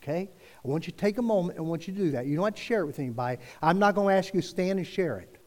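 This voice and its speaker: A male pastor preaching a sermon to his congregation, earnest, with slow emphatic phrasing. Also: high voice, expressive, darkish tone. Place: church sanctuary. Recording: long reverb of a church hall.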